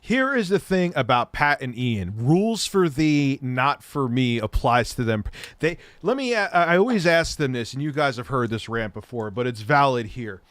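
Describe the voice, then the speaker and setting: A man's voice: medium pitch, animated, moderate pace, few pauses, fairly bright tone, no echo, studio quality. A man hosting a livestream chat, ranting bluntly and profanely about people he dislikes. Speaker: host.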